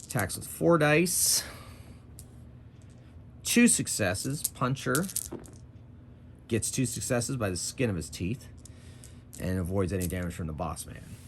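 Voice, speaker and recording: A man's voice: on the low side, expressive, slow, pauses often, a little hiss or hum. A man running and narrating his own solo tabletop game, chatting and thinking aloud about rules and dice rolls.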